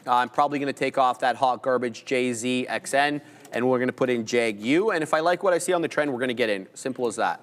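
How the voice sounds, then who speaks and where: A man's voice: mid-range voice, fast. A man co-hosting a live day trading stream, casually laying out his trade plan step by step.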